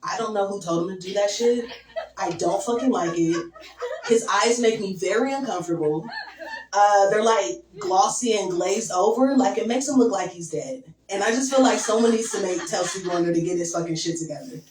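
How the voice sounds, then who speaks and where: A young woman doing a stand-up set, crude and deadpan, with lots of "um" and "like". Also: medium pitch, normal speed, slight background noise. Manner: crude, deadpan, filler-heavy. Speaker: stand-up comedian. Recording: echoey room from far off.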